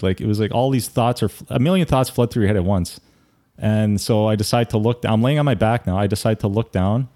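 A young man in easy conversation with a friend, spinning an animated story and laughing often. His voice sits low and sounds warm and relaxed. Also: fast. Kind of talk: casual chat, storytelling.

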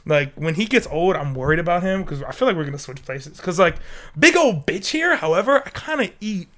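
Rambling, laughing young man, slightly high voice. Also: sing-song, brisk, fairly bright tone. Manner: rambling, profane, laughs often. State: sick. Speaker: podcast co-host. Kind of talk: casual podcast chat.

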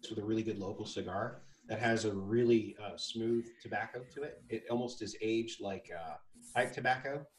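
A man's voice: lowish voice, normal speed. A man in a casual chat who talks in an easygoing, knowing way. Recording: roomy, distant mic, faint noise.

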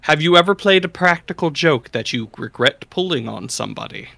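Man reading questions aloud in casual chat, bright tone, dry close sound. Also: fairly high pitch, expressive, a little fast, creaky, no room sound. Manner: reads odd questions aloud, then chats about them.

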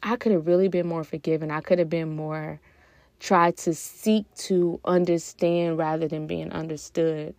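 A woman's voice: low-pitched, level tone, normal speed, a little mellow, no room sound. A young woman hosting a podcast, speaking earnestly and from the heart in a reflective personal talk, with hesitant fillers along the way. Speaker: podcast host.

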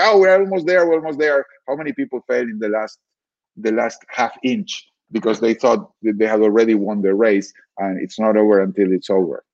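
A man's voice: on the low side, a little mellow, dry recording, muffled recording. A man talking through ideas as a podcast guest, thoughtful, often repeating words while he searches for them. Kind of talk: reflective conversational explaining.

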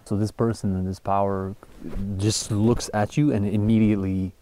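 A man's voice: lowish voice, moderate pace, a little hiss or hum. A man hosting a casual interview, reacting in an easygoing, affirming way. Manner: relaxed, affirming listener. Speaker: host.

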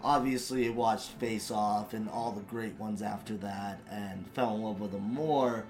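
A man's voice: on the low side, steady tone, unhurried, a little mellow, faint music behind. A man guesting on a podcast in casual chat, enthusiastic and swearing freely as he rambles.

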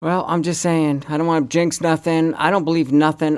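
Lively, swearing man on a dry close mic. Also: on the high side, brisk, hardly any pauses, clear, resonant tone, no room sound. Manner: animated, swearing, rambling with restarts. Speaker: podcast co-host. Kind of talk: casual chat.

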